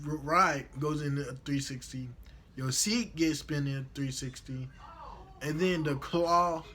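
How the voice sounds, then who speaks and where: Animated young man telling a slangy story. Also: on the high side, slight background noise. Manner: slangy, animated retelling with acted-out quotes. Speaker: vlogger. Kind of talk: casual storytelling.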